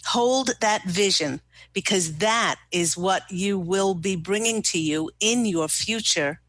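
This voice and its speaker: A woman hosting a talk radio show, giving a spiritual card reading to a caller in a slow, gushing, soothing way. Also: mid-range voice, fairly bright tone, dry recording. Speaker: radio host and angel card reader.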